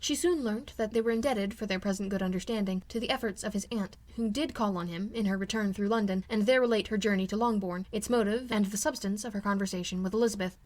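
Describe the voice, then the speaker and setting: A woman narrating a classic novel as an amateur audiobook reader, in a measured, steady manner. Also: mid-range voice.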